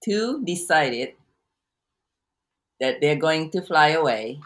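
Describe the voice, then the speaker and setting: Low voiced woman coach on a video call, keeps restarting and repeating herself. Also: expressive. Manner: halting, many restarts and repeats, teaching by story. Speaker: life coach guest. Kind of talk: casual interview talk.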